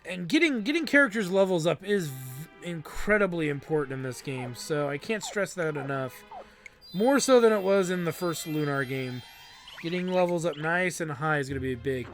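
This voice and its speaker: A man's voice: a little high, animated, moderate pace. A man giving casual, laid-back gameplay commentary with chatty asides. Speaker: let's play host. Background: game music.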